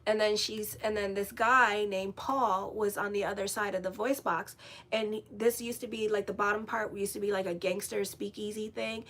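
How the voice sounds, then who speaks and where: A woman astrologer telling a story in a casual, animated way, blunt and swearing freely as she rambles. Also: medium pitch, moderate pace. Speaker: astrologer and tarot reader.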